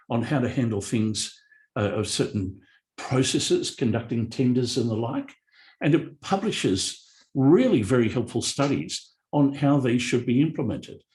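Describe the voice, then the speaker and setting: A middle-aged Australian man speaking bluntly as a guest on a live panel, telling animated stories. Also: medium pitch. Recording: echoey event room.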